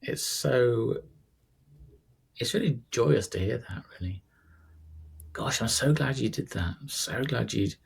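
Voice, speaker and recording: A man hosting a podcast interview, talking in a halting way with restarts and repeated words. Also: fairly low pitch, vocal fry, darkish tone, breathy edge. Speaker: podcast host.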